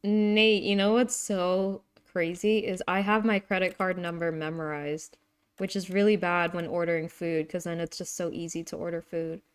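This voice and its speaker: A young woman streaming a game live, chatting excitably with her viewers. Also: fairly low pitch, moderate pace, clear, resonant tone. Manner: chatty, excitable, talks to chat. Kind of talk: casual live-stream chat.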